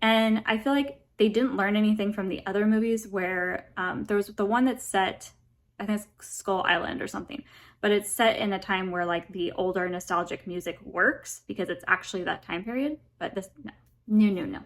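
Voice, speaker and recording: A woman talks through a book and a movie review in loose, rambling chat. Her pitch sits in the middle of the usual female range. She fills her sentences with "like" and "um", gives blunt verdicts and laughs between her points. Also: normal speed. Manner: rambling, heavy on fillers like "like" and "um". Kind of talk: casual chat.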